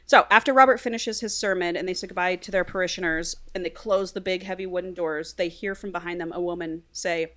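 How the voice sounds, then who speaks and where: A woman's voice: fairly low pitch, fairly quick, hardly any pauses. A woman hosting a comedy podcast, animatedly retelling and reading a story aloud. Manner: animated, breaks into laughs while reading.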